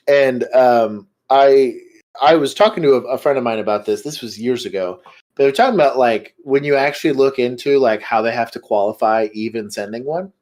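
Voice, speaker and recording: Male guest, mid-pitched, relaxed, easygoing chat. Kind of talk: casual chat.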